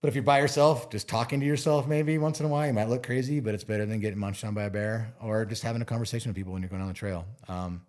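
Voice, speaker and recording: Deep-voiced man explaining bear safety calmly. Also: very fast, few pauses. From Montana. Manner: relaxed, explains with playful acted-out asides. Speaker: bear expert guest. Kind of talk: casual interview talk.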